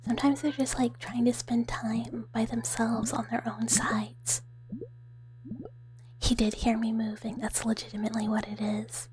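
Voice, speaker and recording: A woman streamer doing a whispered role-play, chatting softly with viewers in a breathy whisper and giggling often. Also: fairly high pitch, level tone, a little slow. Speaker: ASMR streamer.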